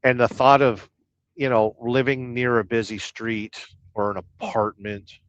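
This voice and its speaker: In a lo-fi recording with no echo, a man streams live from his truck, joking around and rambling as he reads comments from viewers. His medium-pitched voice is steady, a bit bright, and measured in pace.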